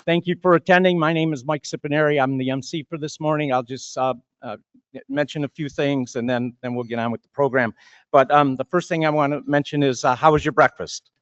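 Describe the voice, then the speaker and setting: A man's voice: a little high, steady tone, a little fast, smooth, no echo, highs cut off, a faint crowd. Rambling man emceeing a breakfast. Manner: rambling, repeats words, chatty. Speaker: master of ceremonies. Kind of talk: opening remarks at a breakfast meeting.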